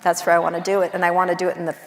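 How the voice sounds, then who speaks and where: A middle-aged woman journalist chatting casually on stage, blunt and wry, telling quick animated stories with asides. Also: on the low side. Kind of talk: casual onstage conversation. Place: large university auditorium. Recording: long auditorium reverb.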